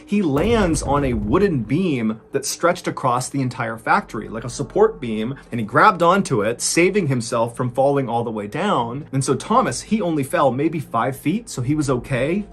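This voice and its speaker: A man's voice: moderate pace, few pauses. Guy narrating a creepy true story, middle voice, dramatic, builds the tension. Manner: suspenseful, builds tension, rises in pitch at exciting moments.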